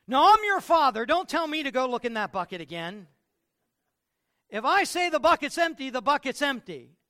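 A man's voice: very high voice, fairly even intonation, fast talker, pushed and bright, clear, resonant tone, voice pushed up. A man voicing a stern carpenter father who insists firmly and gets exasperated.

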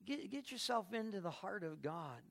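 A man preaching with a gravelly, slightly high-set voice. He drives his points home with emphatic, climbing bursts of volume. Every sentence sounds like a sermon. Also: big pitch swings, moderate pace. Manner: emphatic, rising to loud bursts, acts out quoted people.

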